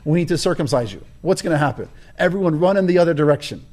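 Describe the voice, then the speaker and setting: Pushy preacher guy yelling at a crowd to line up, high and urgent, a man putting it on. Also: animated, fast talker. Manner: urgent, commanding, raised voice.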